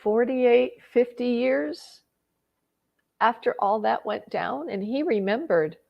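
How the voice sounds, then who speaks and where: A middle-aged woman with a gravelly, creaky edge to her voice tells a personal story. She is close to tears and often stops to restart a phrase. Her delivery is raw, conversational and heartfelt. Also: on the high side, takes it slowly, highs cut off. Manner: emotional, tearful at times, many restarts. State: tearing up. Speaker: personal growth vlogger.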